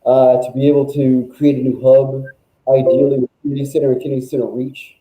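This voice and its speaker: A male music journalist, a guest on a talk show, telling stories in a casual, animated, rambling way that is full of "like". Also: medium pitch, brisk, echoey room, rough recording. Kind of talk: casual storytelling chat.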